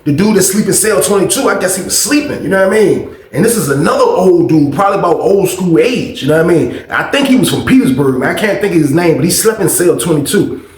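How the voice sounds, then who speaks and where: A man telling a prison story in a casual, animated, profane way, full of acted-out quotes. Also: high voice, quick pace. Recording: echoey room.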